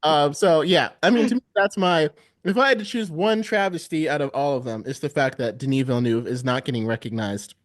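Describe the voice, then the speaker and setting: A man's voice: fairly high pitch, a little fast. A man hosting a casual podcast chat about the Oscars, telling stories with animation and frequent laughter. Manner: animated storytelling, laughs often. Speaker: podcast host.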